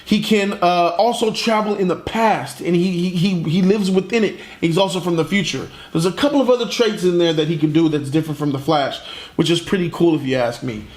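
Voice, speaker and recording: A man giving a casual, slangy comic review with an animated, profane retelling. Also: high-pitched, brisk, reverberant.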